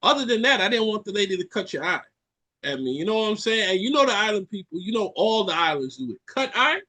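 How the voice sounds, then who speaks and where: A Caribbean man hosting a podcast, ranting in an animated way and repeating lines for effect. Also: sits high, fast. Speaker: podcast host. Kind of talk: casual chat.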